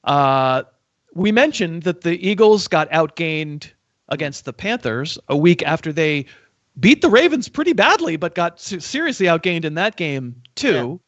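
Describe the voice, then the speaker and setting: Man hosting football talk, dry teasing, stammers, slightly high voice, dead dry lo-fi sound. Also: very animated, measured pace, fairly bright tone, dry recording. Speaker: podcast host. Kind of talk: casual football analysis. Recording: dry muffled lo-fi audio.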